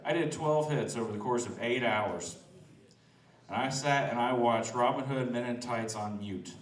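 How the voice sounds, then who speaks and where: A man's voice: medium pitch, echoey room, recorded from a distance. A man doing a loose, laughing stand-up set outdoors, teasing the crowd. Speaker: stand-up comedian. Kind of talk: open-mic stand-up set. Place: outdoors in front of a restaurant.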